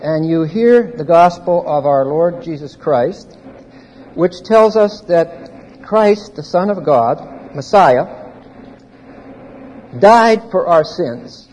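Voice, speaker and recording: Slow, high-voiced man teaching scripture. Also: expressive, darkish tone, muffled recording. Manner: explains grammar point by point, quizzes the audience. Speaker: Bible teacher. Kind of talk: expository Bible teaching to a live audience. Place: large hall with a live audience. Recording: reverberant hall, faint background noise.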